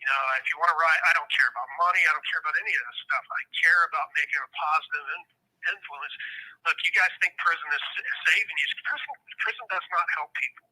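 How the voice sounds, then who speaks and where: A man's voice: fairly high pitch, lively intonation, quick pace, pushed and bright, breathy edge, rough recording. A middle-aged man from Ohio, a prison inmate guest on a phone interview, talking in a heated, profane and rambling way.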